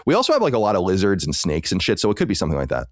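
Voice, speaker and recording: A man's voice: deep voice, huge pitch swings, very fast, dry recording, clean studio sound. A man co-hosting a podcast, chatting casually in a rambling, filler-heavy way. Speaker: podcast co-host. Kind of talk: casual chat.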